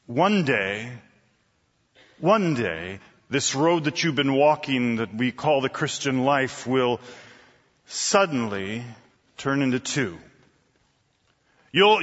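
A man preaching a storytelling sermon, swinging between loud bursts and hushed asides. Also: sits high, long reverb tail, highs cut off.

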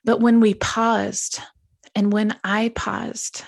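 Middle-aged lady pastor, soft earnest storytelling, dry close sound. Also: medium pitch, flat delivery, takes it slowly, creaky, no echo. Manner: gentle, earnest, reflective storytelling. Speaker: pastor and guest. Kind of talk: devotional talk show conversation.

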